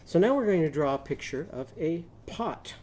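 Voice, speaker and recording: A man teaching a children's lesson, giving slow, patient step-by-step drawing instructions and sounding out words. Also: on the high side, lively intonation, a little mellow.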